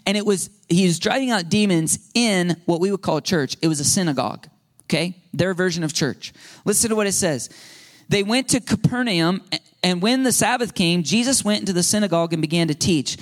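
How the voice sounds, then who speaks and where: A man preaching a sermon to a congregation, animated and questioning, often asking the listeners and adding right and okay. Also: high-pitched, brisk. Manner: animated, rising to shouts when quoting demons. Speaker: pastor.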